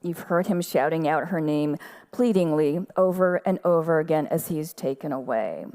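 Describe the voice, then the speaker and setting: A woman giving a measured, quiet literary reading of her own fiction at an outdoor festival stage. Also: deep voice.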